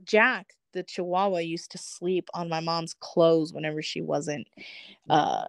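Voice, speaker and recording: A woman's voice: low-pitched, fairly even intonation, measured pace, creaky, dry recording, clean studio sound. A woman in casual conversation, telling a personal story with frequent laughs and free swearing. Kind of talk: casual chat.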